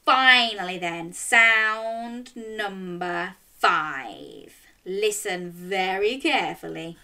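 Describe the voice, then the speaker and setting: Young woman doing kids storytime, bright voice, slow and bouncy, lots of ups and downs. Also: mid-range voice. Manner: animated, talks directly to young children. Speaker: children's storyteller and host. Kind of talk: children's storytime reading and games.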